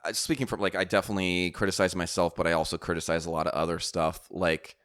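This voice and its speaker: A man's voice: deep voice, little pitch movement, fast, a bit bright. A man hosting a casual podcast chat, telling stories in a rambling way with many fillers and restarts. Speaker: podcast host.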